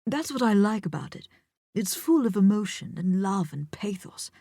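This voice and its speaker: A woman voicing an affected male art collector in an audiobook, with a theatrical, drawn-out manner. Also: medium pitch, big pitch swings, mellow, no echo, studio quality. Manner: exaggerated, drawn-out pronunciation. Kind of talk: audiobook character voice.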